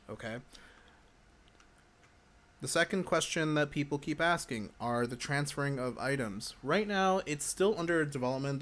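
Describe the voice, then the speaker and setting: A man talks through a casual livestream Q&A with gum in his mouth, sounding hyper. His pitch sits right in the middle for a man. He rambles, cuts himself off and jumps between answers to viewer questions. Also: a bit bright. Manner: chatty, rambling, self-interrupting. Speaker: livestreamer and game community manager.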